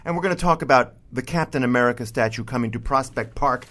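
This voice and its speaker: A man hosting a comedic radio show, talking loudly and indignantly with stammered repeats. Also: mid-range voice, quick pace. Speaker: podcast host.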